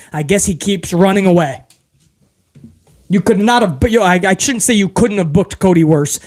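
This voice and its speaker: A man hosting a live review stream, reading out viewer questions and answering in a loose, profane, animated way. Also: high-pitched, normal speed. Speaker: host.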